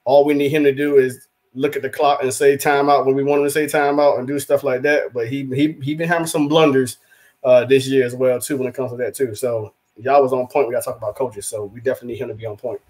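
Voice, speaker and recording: Co-hosting a laid-back sports talk podcast, this rival team's fan speaks in a mid-range voice at a quick pace. He's animated and rambling, acting out quotes along the way.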